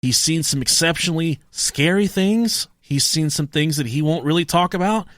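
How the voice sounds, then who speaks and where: A man's voice: a little high, normal speed, no echo, studio quality. A man co-hosting a podcast in crude, casual banter, profane and joking as he tells stories. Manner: profane, joking, lively storytelling. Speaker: podcast co-host.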